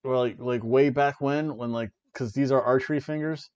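A man hosting a wrestling review podcast, ranting and joking sarcastically in a casual, animated way. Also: medium pitch, moderate pace, dry recording. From Florida, USA. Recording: dull lo-fi dry recording.

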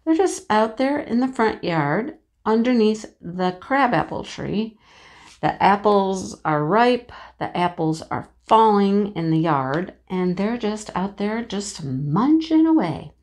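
A woman vlogging from her home office in a casual, chatty storytelling way, animated and acting out the voices in her story. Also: medium pitch, slow pace. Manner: animated, acts out voices in anecdotes, laughs often. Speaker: crafting vlogger.

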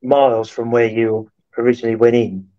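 Flat-voiced man in casual chat. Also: mid-range voice, fairly quick, dull audio. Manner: brief, affirming interjections.

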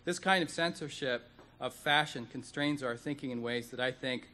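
A man giving an earnest, deliberate speech at a conference, stressing points with repetition. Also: mid-range voice, bright, forceful tone. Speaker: economist speaker. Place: conference hall.

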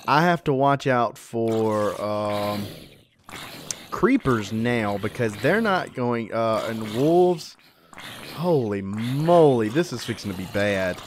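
A man's voice: mid-range voice, a little hiss or hum. A man giving casual, chatty commentary while playing a video game, often yelping when startled. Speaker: let's play gamer.

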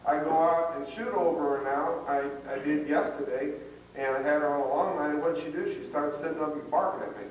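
A man's voice: a little high, steady tone, fairly quick, slight background noise. A man leading a dog training seminar, talking in a plain, folksy way with frequent restarts. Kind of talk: live seminar talk. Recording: echoey hall, far from mic, 1990s tape.

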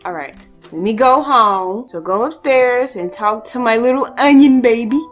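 A young woman giving playful, slangy let's-play commentary, excitable and reading game dialogue aloud. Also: fairly high pitch, moderate pace, soft background music. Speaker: gaming streamer.

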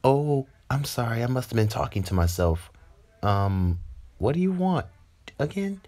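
A man's voice: medium pitch, sing-song, unhurried, darkish tone, voice pushed up. A man doing a flustered teenage boy hero. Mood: earnest.

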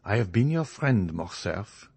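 Man reading courteous storybook journalist, genial, measured, firm, lowish voice. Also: sing-song, a little mellow, slightly rough, full character voice. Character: genial male journalist, friendly yet proud.

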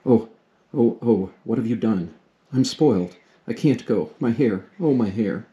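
A man's voice: fairly low pitch, brisk, dark tone, muffled recording, natural voice. A man doing a wailing teenage girl. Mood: despairing. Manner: wailing, petulant. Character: dramatic teenage girl, the eldest sister, vain.

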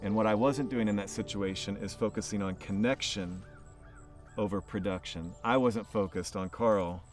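A man's voice: lowish voice, moderate pace, faint music behind. Man preaching with repeated, building phrases. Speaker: pastor. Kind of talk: sermon.

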